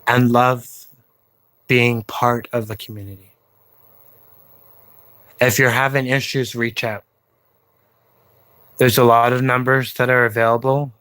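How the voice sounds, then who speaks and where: A man vlogging to his viewers, speaking slowly and earnestly with pauses and fillers, encouraging them to reach out to others. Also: mid-range voice, a bit bright, smooth, no echo. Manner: slow, halting delivery with pauses and fillers; encouraging, plain-spoken. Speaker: YouTube vlogger. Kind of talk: slow earnest personal appeal to viewers.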